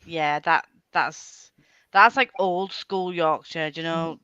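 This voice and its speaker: A woman's voice: low-pitched, steady tone, slow, pushed and bright, clear, resonant tone, no echo, muffled recording. A woman hosting a reading stream, chatting casually and laughing often. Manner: chatty, laughs often, playfully mimics accents. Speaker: reading sprint stream host. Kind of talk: casual chat.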